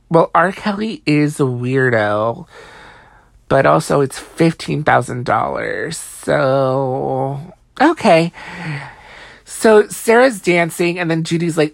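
Tired, gravelly-voiced woman gossiping. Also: sits low, a little slow, no room sound. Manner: chatty, profane, heavy use of "like", sassy asides. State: tired, late at night. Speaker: reality TV recap vlogger. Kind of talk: casual gossipy recap.

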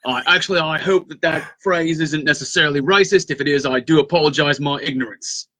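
A man's voice: a little high, fairly quick, pushed and bright. A man co-hosting a gaming podcast, chatting casually and hesitantly, with many uh's and repeated words. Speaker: podcast co-host. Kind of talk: casual chat.

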